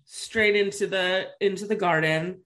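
Her voice is medium in pitch and a little slow as this woman in her thirties casually tells a co-host something that happened to her. The retelling is lively and chatty, full of "like" fillers.

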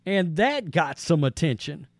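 A high-voiced man hosting a sports podcast talks bluntly and casually, reading quotes before jumping in with his own opinion. He has a sing-song delivery at a measured pace. The recording is dry and close, with no room sound.

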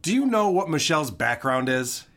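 Male co-host, sarcastic and profane, high lively voice. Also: normal speed. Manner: sarcastic, swears freely. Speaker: podcast co-host. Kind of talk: casual mocking commentary.

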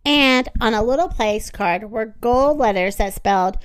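A woman reading a children's story aloud in an expressive, animated way. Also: fairly high pitch, unhurried, few pauses, no echo.

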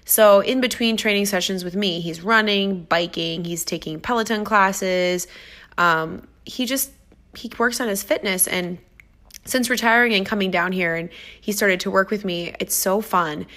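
A woman's voice: medium pitch, normal speed. A woman fitness trainer telling stories about her clients in a casual, enthusiastic vlog. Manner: upbeat, enthusiastic, animated storytelling.

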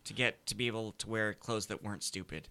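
A man's voice: lowish voice, fast talker, gravelly, pushed and bright, clean tone. A man, a comedian guest in a studio, teasing and joking through casual podcast banter.

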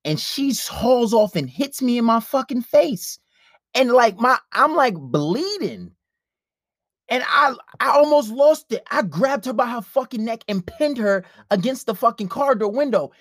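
A man's voice: extremely high pitch, lively intonation, a little slow, a bit bright, dry recording, clean studio sound. A man telling a profane story in a casual podcast chat, acting out the quotes. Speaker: podcast host.

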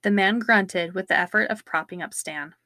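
Bright-voiced woman reading true crime. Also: mid-range voice, no room sound, clean studio sound. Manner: steady, measured storytelling read. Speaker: podcast co-host. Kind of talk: reading a true-crime book excerpt aloud.

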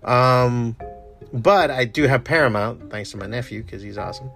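Chatty man, loose profane vlog talk, bursts of excitement then mumbles, soft music under. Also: mid-range voice, moderate pace. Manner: profane, enthusiastic, trails off into mumbles. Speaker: comic artist streamer. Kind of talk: casual rambling chat.

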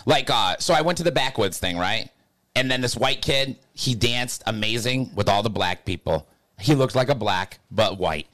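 A young man chatting on a podcast, swinging into quick, animated bursts as he tells a story. His voice sits in a middle pitch, recorded dry and close with no room sound. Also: no echo. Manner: animated storyteller, fast bursts, filler-heavy. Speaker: podcast co-host. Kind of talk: casual chat.

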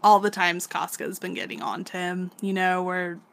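A woman's voice: fairly low pitch, normal speed, gravelly. A woman co-hosting a podcast, casually recapping a manga, laughing often and swearing freely as she acts out the characters. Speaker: podcast co-host.

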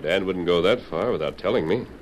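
Steady frontier hero, played by a man, deep and reassuring, 1940s radio. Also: a little fast, a little hiss or hum, natural voice. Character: calm masked male frontier hero.

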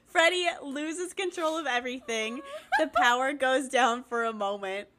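Bright young woman recapping a show. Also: high voice, moderate pace. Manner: blunt, swears casually, lots of "like". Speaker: podcast co-host. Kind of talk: casual TV recap chat.

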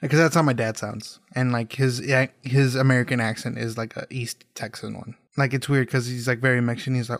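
A man's voice: mid-range voice, fairly even intonation, fast, hardly any pauses, no echo, clean studio sound. A man co-hosting a comedy podcast in casual banter, swearing often and slipping into laughing impressions. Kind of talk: casual banter with put-on accents.

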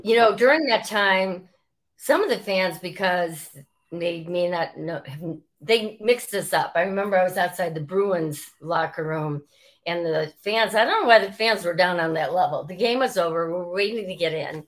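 A woman, a former sports reporter telling stories as an interview guest and acting out quotes as she goes. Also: moderate pace. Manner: animated, acts out quotes with rising pitch. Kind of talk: storytelling interview.

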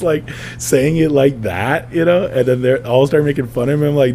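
A man's voice: fairly high pitch, brisk, few pauses, mellow, slight background noise. A man co-hosting a podcast in casual chat, laughing often and acting out voices as he tells stories. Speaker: podcast co-host.

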